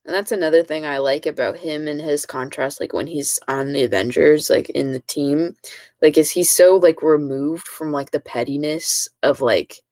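A woman's voice: low voice, normal speed, a little mellow, dry recording. A woman co-hosting a podcast, from California, chatting casually and filling her talk with "like.". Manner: chatty, heavy use of "like". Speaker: podcast co-host. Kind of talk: casual chat.

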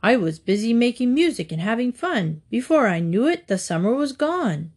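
A woman's voice: fairly high pitch, sing-song, moderate pace, darkish tone. Woman reader as a breezy grasshopper, offhand. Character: carefree, starving male grasshopper fiddler.

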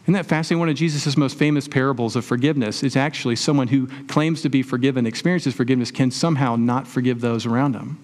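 A man's voice: medium pitch, quick pace, few pauses, a little mellow. A man preaching a sermon as a pastor, talking to the congregation in a conversational way, asking rhetorical questions and using everyday examples.

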